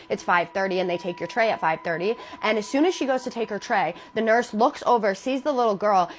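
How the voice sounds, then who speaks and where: Woman retelling a scary story casually. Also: mid-range voice. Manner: conversational, dramatic retelling with sympathetic asides. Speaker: storytime creator.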